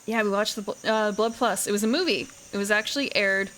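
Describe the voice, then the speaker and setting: A woman's voice: medium pitch, fairly quick, few pauses, a bit bright, a little hiss or hum. A woman streamer chatting casually while she plays, rambling and correcting herself as she goes. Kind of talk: casual gaming commentary.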